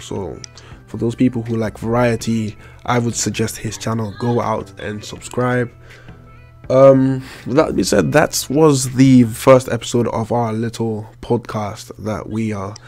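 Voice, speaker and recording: A man's voice: mid-range voice, steady tone, measured pace, vocal fry, a little mellow, faint music behind. A man with an African accent hosting a casual podcast chat, rambling and repeating his phrases. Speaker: podcast host.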